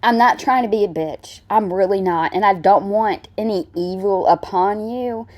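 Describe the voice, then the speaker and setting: A woman's voice: medium pitch, moderate pace. A woman venting angrily and cursing as she reacts to a clip. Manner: heated, profane, venting. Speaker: reaction vlogger. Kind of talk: angry reaction commentary.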